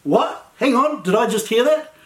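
A man's voice: very animated, extremely slow, recorded from a distance, exaggerated voice. A male pastor voicing a bewildered young woman, Mary, in a sermon, raising his voice in anxious questions. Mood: alarmed. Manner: higher, rising questions. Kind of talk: sermon retelling with voiced quotes. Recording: echoey room.

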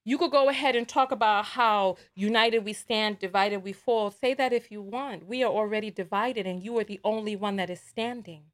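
A woman's voice: mid-range voice, normal speed, hardly any pauses, a bit bright. A woman hosting a livestream, giving emphatic commentary with repeated rhetorical asides. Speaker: livestream host.

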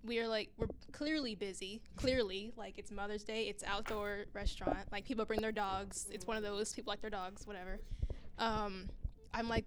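A woman's voice: mid-range voice, steady tone, normal speed, noisy background. A woman in a casual podcast chat, telling an exasperated story about customers. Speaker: podcast guest.

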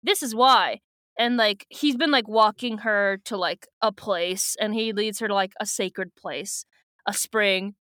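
A woman's voice: mid-range voice, unhurried, fairly bright tone, dry recording, clean studio sound. A woman co-hosting a podcast, chatting casually and giggly with lots of fillers. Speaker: podcast co-host. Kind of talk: casual chat recapping a book.

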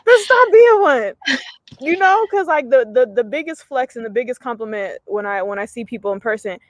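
Young woman, talk show host, lively and emphatic, slangy, fairly high voice, dry sound. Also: fairly quick, dry recording, lo-fi sound. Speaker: podcast host. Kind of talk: casual chat.

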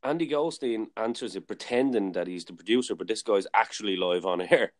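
Male podcast host, lower voice, loose chatty storyteller. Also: fairly quick. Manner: rambling storyteller, many fillers and restarts. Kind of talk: casual chat.

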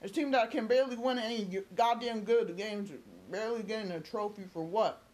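A woman's voice: fairly high pitch, fairly quick, a little mellow. A woman sports vlogger doing an angry fan rant, heated and cursing, repeating herself and firing questions at her viewers in slangy talk.

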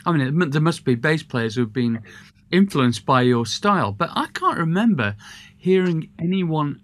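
A man's voice: a little high, very animated, moderate pace, a bit bright. A man interviewing a guest in casual chat, reacting eagerly and swearing now and then.

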